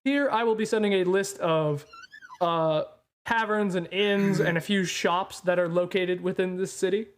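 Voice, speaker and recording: A man running a tabletop game as dungeon master, laid-back and halting, with frequent pauses and "uh"s. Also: high-pitched, fairly even intonation. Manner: reads a list of punny names, breaking into laughter.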